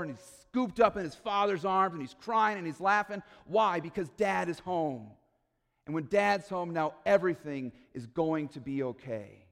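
A man's voice: sits high, big-room sound. A man preaching a sermon in a church, earnest and pleading, building to emphatic peaks. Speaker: pastor.

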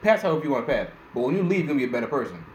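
A man's voice: medium pitch, racing. A young man co-hosting a podcast, a teacher telling blunt, profane stories in casual chat. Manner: blunt, profane, animated storytelling. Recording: echoey room, faint background noise.

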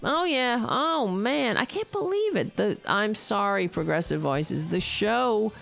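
A woman's voice: medium pitch, very animated, measured pace, vocal fry, fairly bright tone. A woman hosting a political talk show, ranting with profane, sarcastic mockery. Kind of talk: angry political commentary.

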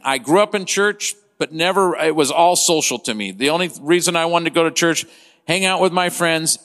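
A man in his fifties preaching a sermon as pastor, impassioned, swinging between loud and hushed delivery. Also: fairly high pitch. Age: 50s. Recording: long hall reverb.

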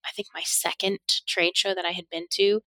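A woman's voice: on the low side, little pitch movement, fairly quick, sharp tone, no echo. A middle-aged woman, a podcast guest, telling stories in a casual interview, laughing often and acting out the speech she quotes.

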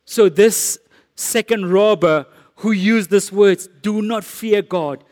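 A man's voice: high-pitched, takes it slowly, darkish tone. A man with a South African accent preaching a sermon, earnest and rising to emphatic declarations. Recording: echoey hall with long reverb.

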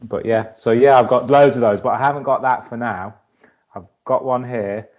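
A man's voice: medium pitch, normal speed, a little mellow. A man co-hosting a podcast, with a dry, wry sense of humor. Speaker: podcast co-host. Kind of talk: casual chat. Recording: dull lo-fi sound.

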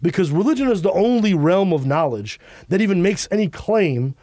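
A comedian from Chicago talks on a podcast, emphatic and animated, with plenty of swearing. His voice sits fairly high for a man. The recording is dry and close. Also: normal speed, no room sound. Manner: animated, emphatic, profane storytelling. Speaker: guest comedian. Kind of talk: podcast conversation.

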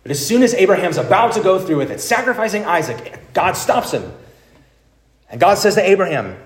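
A man's voice: fairly high pitch, brisk. Man preaching in an echoey church. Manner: animated storytelling with wide swings from emphatic to hushed. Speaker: pastor. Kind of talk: sermon.

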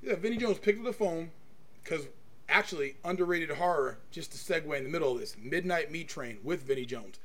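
Guy hosting a podcast, pretty high voice, swears a ton, rambly stories. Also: expressive, brisk. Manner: profane, rambling storyteller. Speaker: podcast host. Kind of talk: casual chat.

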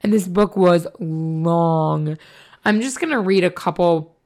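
A woman co-hosting a podcast, hoarse from a cold, talking casually and bluntly with lots of fillers and swearing. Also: on the low side, slow pace, darkish tone. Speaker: podcast co-host. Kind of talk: casual chat.

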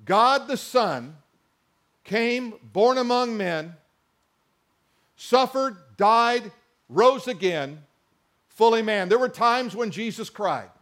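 A man's voice: extremely high pitch, expressive, takes it slowly, pauses often, fairly bright tone. A man preaching a sermon, reading scripture and mixing in conversational asides and questions to the congregation. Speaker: pastor.

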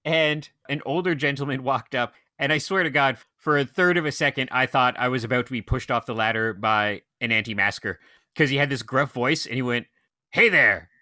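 Bright-voiced man telling stories. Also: mid-range voice, dry recording, studio quality. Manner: animated storyteller, quick run-on anecdotes. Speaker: movie theater operator. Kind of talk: casual podcast chat.

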